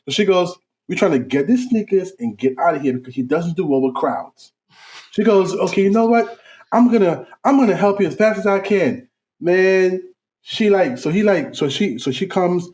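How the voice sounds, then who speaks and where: A man's voice: sits high, expressive, normal speed, a little mellow. A man telling a funny story on a casual podcast, acting out other people's voices. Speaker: podcast co-host.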